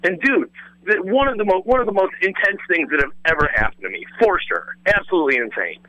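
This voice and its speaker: A man telling a wild story in animated casual chat, rambling with lots of fillers and swearing freely. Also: high-pitched, fast, no echo, muffled recording. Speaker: former radio host telling a story as a guest.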